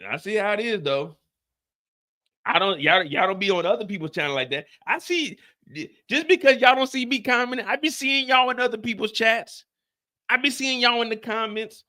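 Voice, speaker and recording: Expressive and high-pitched, with a bright, forceful tone at normal speed, this show recap streamer sounds tired as he chats casually with viewers. He swears freely, repeats his stories, and hams up a comically exasperated attitude.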